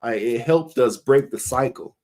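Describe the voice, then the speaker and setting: A man's voice: mid-range voice, moderate pace, a little mellow. A man, a member of a religious group, giving a rambling, conversational preaching talk and laughing often.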